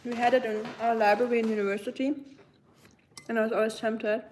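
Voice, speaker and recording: A woman's voice: on the high side, little pitch movement, fairly quick, a little mellow, a little hiss or hum, low-quality recording. Chatty young woman on a kitchen livestream. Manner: chatty, musing, answers chat while eating. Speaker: livestream host. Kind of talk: casual chat with live chat viewers.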